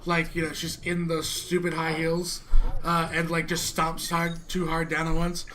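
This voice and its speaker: A man's voice: fairly high pitch, completely flat delivery, measured pace, pushed and bright. A man narrating as dungeon master in a casual, laughing way. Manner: casual, laughing, thanks stream followers. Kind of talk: narrating a tabletop game.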